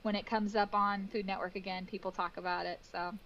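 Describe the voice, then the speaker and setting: A woman's voice: medium pitch, flat delivery, a little fast, a bit bright, highs cut off, slight background noise. A woman cake decorator, a podcast guest, telling stories in a chatty way, with lots of "like" and laughs. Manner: chatty, storytelling with frequent "like" and laughs. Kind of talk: casual interview chat.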